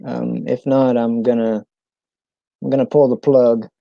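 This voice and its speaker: A man from New England chatting casually on a live stream, halting and full of ums and restarts. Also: mid-range voice, little pitch movement, creaky, no room sound, muffled recording.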